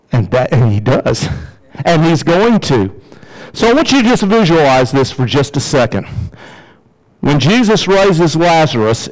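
A man preaching a sermon as pastor, in a conversational, emphatic way, with sudden rises in pitch for emphasis. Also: rough recording.

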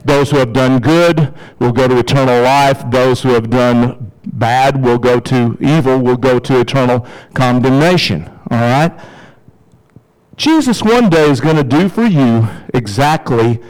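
A man preaching a sermon as pastor, in a conversational, emphatic way, with sudden rises in pitch for emphasis. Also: measured pace, a little mellow, clear, resonant tone, rough recording.

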